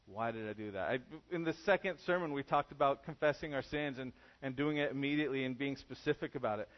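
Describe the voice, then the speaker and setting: A man's voice: on the high side, fairly even intonation, fast talker, muffled recording. A man preaching a sermon to a congregation in a church, casual and conversational in how he talks. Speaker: pastor.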